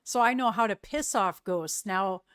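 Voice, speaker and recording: A woman's voice: medium pitch, unhurried, smooth, dry recording. Chatty woman streamer, dry close sound. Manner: relaxed, chatty, laughs often. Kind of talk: casual chat with viewers.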